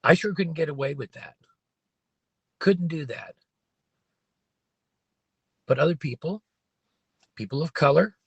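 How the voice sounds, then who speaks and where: A man's voice: mid-range voice, vocal fry, husky. A man hosting a casual livestream from his parked car, rambling and opinionated with many restarts. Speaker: livestream host.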